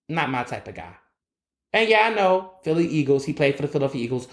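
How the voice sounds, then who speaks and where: A man's voice: medium pitch, very animated, quick pace, roomy sound. A man hosting his own solo podcast, ranting bluntly and with plenty of profanity. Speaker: podcast host. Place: recording in Philadelphia.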